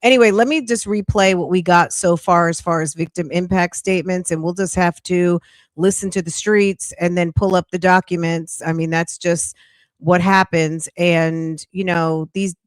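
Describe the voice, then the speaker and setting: A woman's voice: steady tone, normal speed, dry recording, clean studio sound. Emphatic woman streamer. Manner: emphatic, incredulous outbursts with rising pitch. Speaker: commentary streamer. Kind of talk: reacting to a court livestream.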